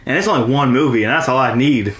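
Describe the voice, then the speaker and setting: A man's voice: medium pitch, quick pace, fairly bright tone, reverberant. A young man co-hosting a casual podcast, ranting animatedly and swearing freely. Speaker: podcast co-host. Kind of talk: casual chat.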